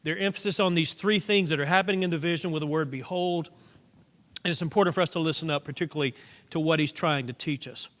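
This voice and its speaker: A man's voice: on the high side, fast talker, fairly bright tone. A middle-aged man preaching a Bible class lesson, teaching in a conversational way with frequent restarts. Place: church auditorium. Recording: long hall reverb.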